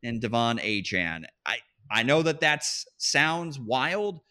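A man hosting a fantasy football show, bright and forward in tone at an ordinary pitch. He talks in excited bursts, doubling back on his phrases and slipping laughs in as he goes. The feel is easy, casual sports chat. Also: takes it slowly. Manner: animated, restarts often, laughs while talking. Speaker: fantasy football podcast host.

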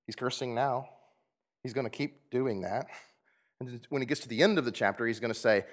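A man's voice: mid-range voice, a little fast. A man preaching a conversational sermon, laughing often and asking his congregation rhetorical questions. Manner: animated, conversational, with frequent laughs. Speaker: pastor.

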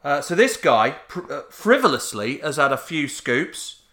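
A man co-hosting a comedy podcast, trading dry, deadpan quips. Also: fairly high pitch, normal speed. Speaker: podcast co-host. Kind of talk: crude comedic banter.

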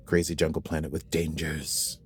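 A man with a very low voice chats casually on a podcast about a TV episode. He rambles playfully through asides and corrects himself mid-sentence. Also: level tone, moderate pace, slightly rough, faint music behind. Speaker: podcast co-host.

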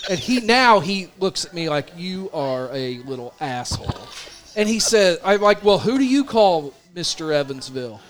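A man in his thirties tells a story in loose, casual chat, slipping into the voices of the people in it. His voice sits high, and his pitch swings widely as he goes. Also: moderate pace, crowd noise. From Indiana. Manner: animated storyteller, acts out voices of others.

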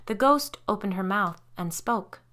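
In an unhurried, expressive reading, a woman narrates a first-person tale on her podcast, softening and lowering her voice during the tense moments.

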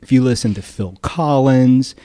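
A man's voice: mid-range voice, moderate pace, dark tone. A man co-hosting a podcast, chatting casually and playfully, laughing often at his own jokes. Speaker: podcast co-host. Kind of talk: casual chat.

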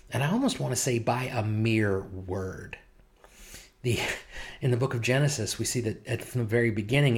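A man's voice: lowish voice, gravelly. A man preaching, earnest and conversational, who mixes scripture with casual stories from home. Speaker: pastor. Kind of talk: sermon.

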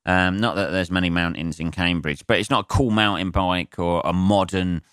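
In a studio-quality recording free of room sound, a comedian from England rants sarcastically on his podcast, swearing a lot and wandering into asides and fillers. He speaks at normal speed in a deep, steady voice that's clean and fairly bright.

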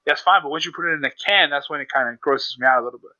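Fast bright-voiced swearing man. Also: on the high side, highs cut off, slight background noise. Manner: profane, emphatic, joking. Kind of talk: casual chat.

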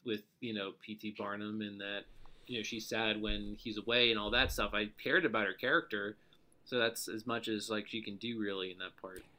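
A man co-hosting a casual movie podcast, speaking in a measured, hesitant way with fillers. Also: fairly low pitch, fairly even intonation, sharp tone. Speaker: podcast co-host. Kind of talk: casual chat.

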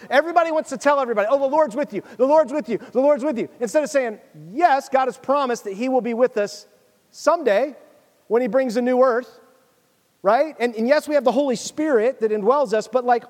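This sermon comes from a male pastor with a high voice, speaking briskly in a relaxed, conversational manner. He moves from reading scripture to urging listeners directly, and a long echo fills the hall around him.

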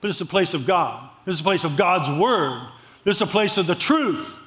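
A pastor with a high voice delivers a sermon. He talks in a conversational, storytelling way and drives home points by repeating phrases. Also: animated, moderate pace, a bit bright.

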